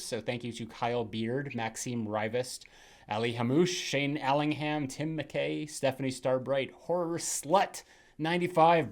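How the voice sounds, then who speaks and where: A man hosting a horror film podcast, chatting casually and rambling with many fillers. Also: mid-range voice. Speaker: podcast host. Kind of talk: casual chat.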